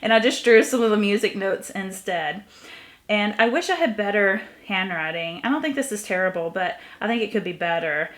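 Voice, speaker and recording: A woman's voice: mid-range voice, moderate pace. A middle-aged woman chatting casually as she walks through a craft tutorial, a little sniffly from allergies. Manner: chatty, relaxed, thinking aloud. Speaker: craft vlogger.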